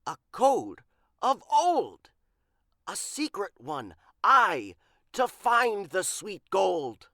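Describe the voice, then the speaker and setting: A woman voicing a gruff, loud male pirate captain who talks in blustery pirate slang, read slowly for a picture book. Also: mid-range voice, sing-song, dry recording, clean studio sound, voice pushed up, exaggerated voice. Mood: excited. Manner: growling pirate talk, blustery.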